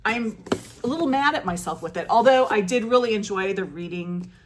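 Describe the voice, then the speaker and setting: A woman's voice: mid-range voice, expressive, fairly quick. A woman talking casually through her month's reading as a book vlogger, enthusiastic and chatty, with frequent fillers and restarts.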